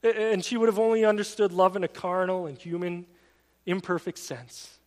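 In a church sanctuary with the long reverb of a large hall, a male pastor preaches a sermon in a high voice. His tone is steady and his speed normal as he tells stories in a conversational, earnest way.

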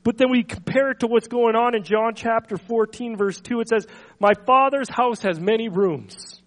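A man's voice: very high-pitched, low-quality recording. A man preaching a sermon, reading scripture with earnest emphasis and stumbling over words between quotes. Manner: earnest, slows and swells on scripture quotes, soft trailing endings; stumbles and repeats words when speaking freely. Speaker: pastor.

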